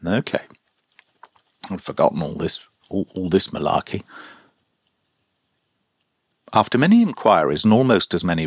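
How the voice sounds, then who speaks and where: Low-voiced man reading with wry asides. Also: dry recording, studio quality. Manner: wry, amused, breaks off to comment. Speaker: reader. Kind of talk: reading an old text aloud with joking asides.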